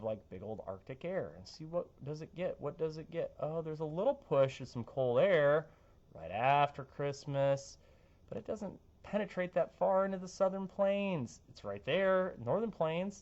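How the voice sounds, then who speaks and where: A man's voice: fairly high pitch, animated, normal speed, darkish tone, highs cut off. A young man, a TV meteorologist talking through a casual forecast with playful, jokey asides. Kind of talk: casual weather forecast chat.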